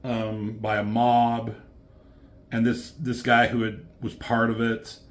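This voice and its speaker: A man's voice: mid-range voice, monotone, slow pace. Rambling, swearing man recapping comics. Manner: rambling, swears, many fillers. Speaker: comic book reviewer.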